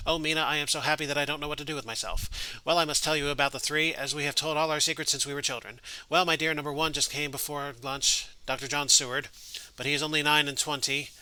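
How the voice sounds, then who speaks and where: A man's voice: a little high, sharp tone, smooth, dry recording, poor audio. A man reading aloud the letters of a gushing young woman from a game, in his own voice.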